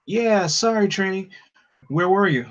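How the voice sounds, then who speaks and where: A man's voice: high-pitched, animated, unhurried, dull audio, pitched above the performer's own voice. A man voicing a stubborn, earnest young male hero, with urgent, breathless delivery.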